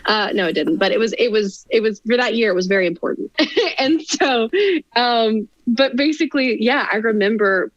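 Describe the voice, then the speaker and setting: A woman's voice: fairly high pitch, moderate pace, no echo, highs cut off. A young woman in her twenties chatting as a podcast guest, laughing often and making self-deprecating asides. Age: 20s. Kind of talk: casual chat.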